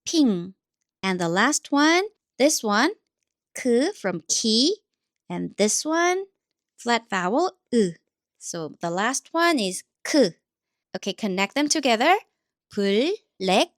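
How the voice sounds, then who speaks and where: A woman with a Korean accent teaching the Korean alphabet, speaking slowly and repeating each sound patiently for learners. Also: fairly high pitch, big pitch swings, no echo, clean studio sound. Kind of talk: slow, deliberate teaching.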